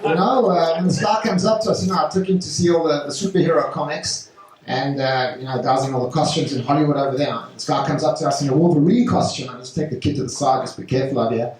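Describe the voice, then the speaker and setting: A man doing a stand-up set on a club stage, talking haltingly with lots of fillers. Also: on the high side, a little mellow. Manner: halting delivery with many fillers. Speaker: stand-up comedian. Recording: echoey club from a distant mic.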